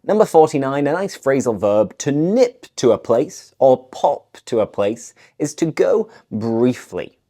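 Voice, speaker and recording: A woman from the north of England with a Northern English accent, teaching English phrases in a clear, deliberate way. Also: extremely low pitch, very animated, mellow. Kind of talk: scripted language lesson.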